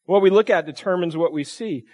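A man's voice: sits high, brisk, darkish tone. A man preaching a sermon in a conversational way, often asking the congregation questions. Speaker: pastor.

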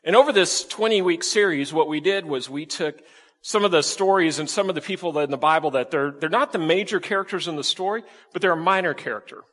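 A man preaching a sermon in a lively, conversational way, asking the congregation rhetorical questions. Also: fairly high pitch, fast talker, long reverb tail. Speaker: pastor.

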